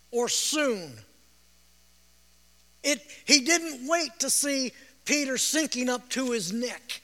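This sermon comes from a man with a very high, bright, powerful voice who narrates with emotion and sometimes shouts. He frequently repeats himself and lets out soft laughs, while the long echo of a large church hall follows each word.

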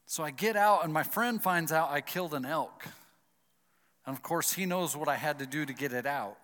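This man's voice is on the high side and moves at normal speed. He tells an animated personal story with a moral, performing his own thoughts as he narrates, in a recording with long hall reverb.

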